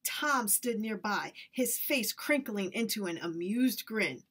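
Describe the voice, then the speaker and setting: A woman reading a story aloud with expressive, lively narration. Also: mid-range voice, slow pace. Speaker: reader.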